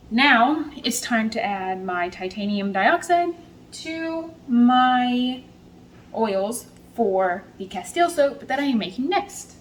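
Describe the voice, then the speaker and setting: A woman hosting a casual home vlog, talking through her work in a chatty, self-deprecating way with quick bursts of speech. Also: fairly high pitch, slight background noise, low-quality recording. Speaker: soap maker and channel host. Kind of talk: casual vlog narration while working.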